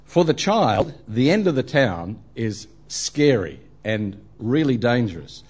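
A man's voice: medium pitch, very animated, takes it slowly, a little mellow, slightly rough. Australian man telling a humorous sermon. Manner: humorous storytelling, frequent ums and uhs. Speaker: preacher. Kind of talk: sermon with anecdotes.

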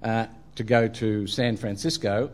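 A man's voice: on the low side, fairly even intonation, unhurried. Australian man telling a humorous sermon. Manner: humorous storytelling, frequent ums and uhs. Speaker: preacher. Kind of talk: sermon with anecdotes.

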